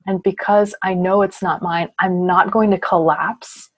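A woman's voice: mid-range voice, fairly even intonation, measured pace, husky. A woman guest on a podcast, speaking in an earnest, reflective way, often saying "you know" and "I mean". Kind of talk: casual conversational interview.

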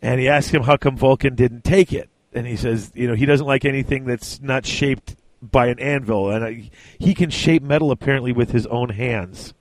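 A man chatting casually about a book he has just read. He retells the scenes as he goes and slips into quick voices for the characters. His mid-pitched voice sounds close and dry, with no room echo. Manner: retells scenes, briefly acting out lines. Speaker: book discussion co-host. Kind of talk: casual chat.

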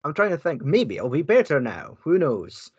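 A man's voice: fairly high pitch, wildly swooping pitch, moderate pace, darkish tone, muffled recording, slight background noise. A man co-hosting a casual beer-tasting podcast, hesitant and understated. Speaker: podcast co-host.

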